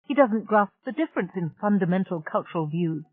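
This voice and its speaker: A woman's voice: mid-range voice, lively intonation, fairly quick, natural voice. A woman reading an audiobook, voicing a blunt, exasperated young woman who speaks frankly. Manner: frank and irritable. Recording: dry, tinny narrow-band audiobook.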